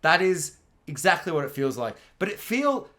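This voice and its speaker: Excitable high-voiced man riffing on a film. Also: normal speed. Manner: excitable, animated, swears freely, acts out scenes. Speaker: podcast co-host. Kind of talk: casual film discussion.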